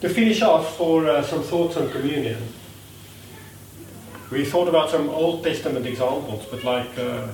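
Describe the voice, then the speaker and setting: A man's voice: fairly high pitch, moderate pace, slight background noise. A man preaching a sermon in a conversational way, acting out quotes and laughing at himself as he speaks. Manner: conversational, acts out quotes with lively voices; self-deprecating, laughs at himself. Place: church hall. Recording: echoey room from a distance.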